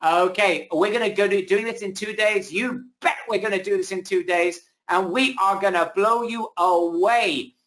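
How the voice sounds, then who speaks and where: A man's voice: high voice, normal speed, few pauses, fairly bright tone. Hyped man pushing a webinar deal. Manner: hyped, pushy salesman hype. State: losing his voice. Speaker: webinar host. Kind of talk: hard-sell webinar pitch.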